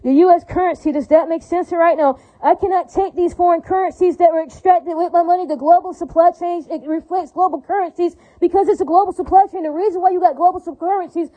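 Woman, high pitch, rapid delivery; agitated, profane monologue full of repeated tag questions. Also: steady tone, mellow. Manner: repetitive, rambling, with constant tag questions. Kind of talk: rambling monologue rant. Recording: tinny phone-like audio.

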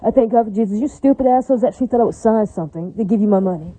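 A woman's voice: medium pitch, rapid-fire, warm tone, husky, no room sound. A woman delivering an angry, repetitive, profane rant to her viewers in a vlog. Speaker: vlogger. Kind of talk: ranting vlog monologue. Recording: dull lo-fi recording.

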